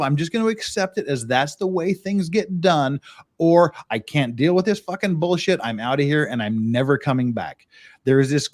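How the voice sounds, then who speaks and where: A man's voice: a little high, a little mellow. A middle-aged man from the United States who hosts a casual chat, talking bluntly with plenty of swearing and acting out other people's rants. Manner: blunt and profane, acts out quoted rants. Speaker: podcast host.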